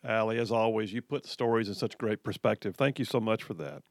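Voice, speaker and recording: A man's voice: fairly low pitch, fast, no echo, studio quality. A man hosting a call-in radio show, reading texts and taking callers in an upbeat, chummy way. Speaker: radio talk show host.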